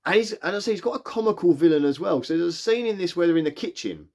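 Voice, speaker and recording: A man's voice: high-pitched, sing-song, fast talker, a little mellow. A man giving a casual film review, enthusiastic and rambling, with frequent restarts and fillers. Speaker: movie reviewer.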